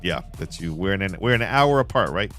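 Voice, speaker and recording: A man hosting a live trading stream, walking through charts and shouting out viewers in a casual, slangy, emphatic way. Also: lively intonation, fairly quick, soft background music. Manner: emphatic, hype-driven pitch to viewers. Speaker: livestream trading host. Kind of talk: live chart walkthrough and chat shout-outs.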